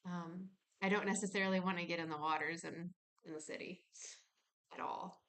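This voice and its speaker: A woman's voice: fairly low pitch, fairly even intonation, normal speed, fairly bright tone. Woman, personal vlog from her home kitchen, candid and musing, acts out her inner dialogue. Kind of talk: reflective personal vlog talk.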